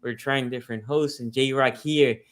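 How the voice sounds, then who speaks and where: Male host, middle pitch, lively casual sports-podcast delivery. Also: normal speed. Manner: energetic, reads out chat comments. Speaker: show host.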